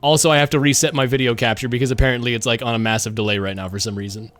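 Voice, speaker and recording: A man's voice: mid-range voice, steady tone, racing, fairly bright tone, dry recording. A worn-out man live-streaming a game, rambling casually to chat and swearing often. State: exhausted.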